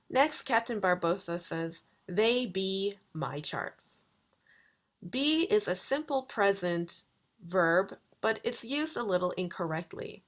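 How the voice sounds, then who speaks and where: A woman lecturer giving a recorded video lesson, explaining grammar slowly and deliberately. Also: mid-range voice. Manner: slow, deliberate explanations with quoted examples. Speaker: university lecturer.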